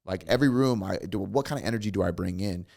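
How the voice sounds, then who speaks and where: A fitness coach appears as a podcast guest, chatting casually and fast while swearing freely through his animated stories. His voice is low-pitched and creaky.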